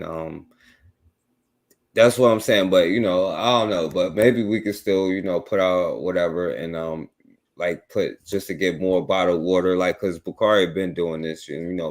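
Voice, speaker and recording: A man's voice: low-pitched, darkish tone. A man hosting a casual radio talk show, rambling and full of fillers. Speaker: host.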